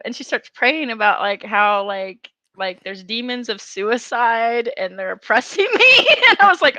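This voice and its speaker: A woman hosting a podcast, telling a story in a lively casual way with lots of fillers and laughter. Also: on the high side, moderate pace, no echo. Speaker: podcast host. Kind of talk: casual chat.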